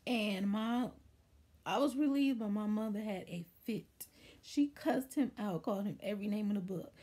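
Chatty woman with a mellow, husky voice. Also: medium pitch, moderate pace. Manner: chatty, animated, acts out voices in quotes. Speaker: vlogger telling a childhood story. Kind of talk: casual storytime vlog.

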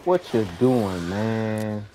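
A woman streaming a horror game, joking and shrieking loudly as she plays. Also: extremely low pitch, drawn-out words, background noise. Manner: shrieking, jokey, loud swings. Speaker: gaming streamer. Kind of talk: let's play commentary.

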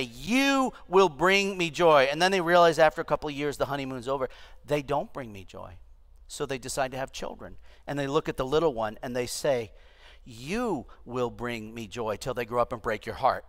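A pastor in his fifties preaching an animated, humorous sermon to his church, with asides to the congregation. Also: on the high side, quick pace. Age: 50s. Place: church sanctuary.

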